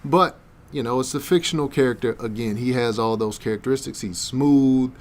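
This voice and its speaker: A man's voice: medium pitch, a little fast. A man co-hosting a podcast in casual chat, making dry, wry remarks. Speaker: podcast co-host.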